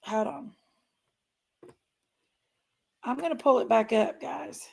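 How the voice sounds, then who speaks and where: Fairly high in pitch, her voice is gravelly, slightly rough, and a little mellow, at a normal speed. She hosts a true crime channel's casual livestream, speaking straight to viewers and often trailing off and repeating herself.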